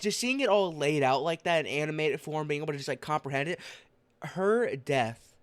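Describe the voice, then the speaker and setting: A young man with a somewhat high voice talks in a loose, tired ramble, with a slight lisp from a bitten, burnt tongue. He gushes with enthusiasm, stumbling through fillers and restarts as he chats to his audience like a streamer. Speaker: streamer vlogger. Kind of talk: casual rambling talk.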